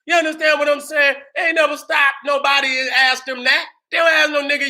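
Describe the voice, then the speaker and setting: A man with a strikingly high, piercingly bright voice holds forth in a fiery commentary monologue. He is emphatic and profane, often breaking into shouts. He keeps checking in with his listeners, asking whether they understand what he's saying. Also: level tone, fairly quick, hardly any pauses. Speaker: channel host.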